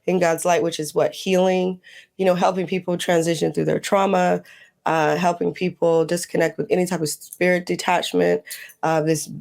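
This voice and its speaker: A woman speaking as a guest in a casual podcast conversation, reflective and slow, laughing often as she talks. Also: lowish voice, flat delivery, creaky, a little mellow. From United States. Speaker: guest, holistic healer.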